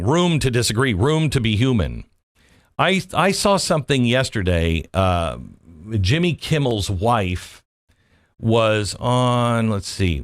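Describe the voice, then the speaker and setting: A man with a voice on the low side hosts a political commentary show, giving a monologue packed with rhetorical questions and folksy asides. The recording is studio quality with no echo.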